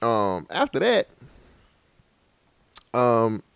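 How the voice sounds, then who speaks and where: Animated, profane man telling a story. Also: mid-range voice, extremely slow, vocal fry, smooth, dry recording. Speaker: podcast co-host telling a story. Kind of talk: casual chat.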